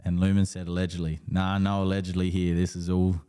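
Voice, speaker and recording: A man's voice: sits low, completely flat delivery, quick pace, warm tone, clear, resonant tone. A young Australian man co-hosting a live podcast, telling rambling stories and swearing freely. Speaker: podcast co-host. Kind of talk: casual live podcast chat.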